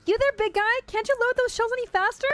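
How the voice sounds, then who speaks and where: A woman's voice: extremely high pitch, steady tone, fast, no echo, faint music behind, voice pushed up. A woman voicing a gleeful, reckless female artillery commander, reading game dialogue aloud in character and barking orders. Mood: bossy. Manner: bossy, shouting orders.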